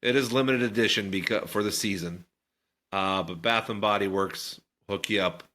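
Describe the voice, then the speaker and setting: A man's voice: lowish voice, normal speed, sharp tone. A man co-hosting a podcast, chatting in a rambling, joking way. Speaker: podcast co-host. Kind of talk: casual chat.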